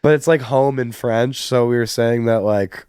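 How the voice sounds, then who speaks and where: Man, casual podcast chat, frequent laughter, mid pitch, dry recording. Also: normal speed, darkish tone, smooth, no room sound. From Chicago. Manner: giggly, laughs often, many fillers. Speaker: guest music producer.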